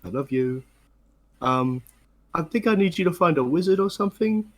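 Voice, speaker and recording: A man voicing a big gentle male brute who loves birds, talking softly and earnestly. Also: a little high, expressive, normal speed, voice pushed up. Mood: tender. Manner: soft, earnest, sweet.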